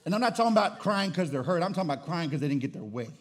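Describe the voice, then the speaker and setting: A male pastor preaching a sermon, emphatic and full of rhetorical questions, sometimes rising to shouted declarations. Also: fairly high pitch, sing-song, very fast.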